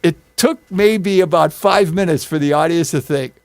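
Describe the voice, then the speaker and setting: Man, group discussion leader, animated storyteller who acts out quotes, somewhat high voice, dry close recording. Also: normal speed, dry recording. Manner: retells history with acted quotes.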